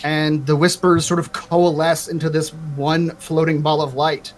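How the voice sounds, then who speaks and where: A man's voice: a little high, flat delivery, unhurried, slight background noise. A man running a tabletop game as game master, narrating with frequent hesitations.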